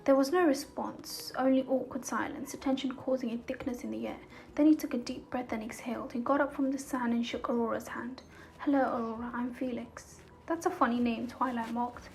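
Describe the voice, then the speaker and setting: A woman reading a fantasy short story aloud in a calm, even storybook narration. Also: fairly high pitch, fairly quick, creaky, a little hiss or hum, low-quality recording. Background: soft background music.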